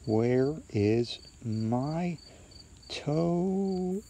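A man voicing a monstrous creature that groans slowly for its lost toe, raspy and husky. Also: on the high side, animated, mellow, voice pushed up, exaggerated voice. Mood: groaning. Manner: slow, drawn-out groaning.

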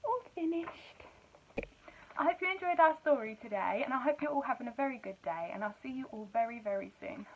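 A woman, a nursery teacher, reading a picture book aloud to young children in a bright storytelling manner. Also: a little high, expressive, fast talker, few pauses, dull audio, slight background noise.

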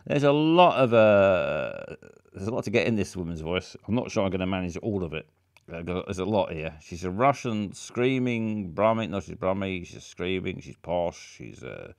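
A man's voice: deep voice, creaky, no room sound, studio quality. A man streaming a game, describing a character in a rambling, hesitant way full of fillers. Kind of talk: casual game commentary.

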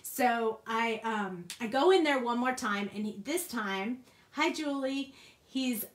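Woman chatting at her craft desk, laughing thru a story, kinda high voice, roomy echo. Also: slow. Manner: animated, laughs often, acts out quoted voices. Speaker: crafting video host. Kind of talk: casual storytelling while crafting. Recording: echoey room.

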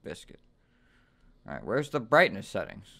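Gravelly, foul-mouthed gamer man yelling. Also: fairly low pitch, wildly swooping pitch, normal speed. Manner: profane, frustrated outbursts and sudden yelling; trash-talks the game characters. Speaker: gaming YouTuber. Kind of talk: let's play commentary.

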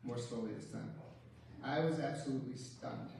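A man's voice: mid-range voice, moderate pace, gravelly, darkish tone, slight background noise. Man telling wry stories in an echoey church. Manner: wry storytelling with light chuckles. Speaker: son giving a eulogy. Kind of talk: funeral eulogy with humorous anecdotes. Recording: very echoey church, distant mic.

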